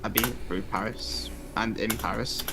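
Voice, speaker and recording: A man's voice: fairly low pitch, fairly even intonation, moderate pace, bright, forceful tone, a little hiss or hum. A British man chatting casually, rambling with frequent laughs and restarts. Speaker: gaming companion. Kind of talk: casual chat.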